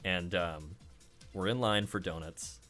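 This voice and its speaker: A man streaming a game and telling a story in a casual, animated way, often breaking into laughter. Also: sits low, measured pace, faint music behind. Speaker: streamer playing games. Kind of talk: casual chat while gaming.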